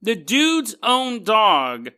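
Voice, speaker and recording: Lively high-voiced man telling a wry story. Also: extremely slow. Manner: wry, skeptical, laughing asides. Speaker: podcast host. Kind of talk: casual storytelling monologue.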